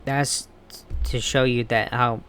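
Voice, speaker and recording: A man's voice: medium pitch, level tone, slow pace, fairly bright tone, soft background music. A man ranting bluntly and with heavy swearing in a casual wrestling commentary vlog. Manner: blunt, profane, heated ranting.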